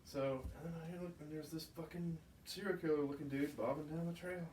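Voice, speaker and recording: A man's voice: on the high side, steady tone, fairly quick, a little mellow. A man co-hosting a podcast, telling stories with heated, profane outbursts. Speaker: podcast co-host. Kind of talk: casual chat. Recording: roomy, distant mic, faint noise.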